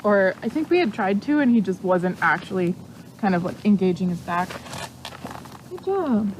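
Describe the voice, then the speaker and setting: A woman's voice: medium pitch, fairly quick, slight background noise, poor audio. A young woman teaching horse exercises in casual, chatty talk while working with a horse at a barn. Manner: chatty, explains freely, coos softly to the horse. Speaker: equine exercise instructor.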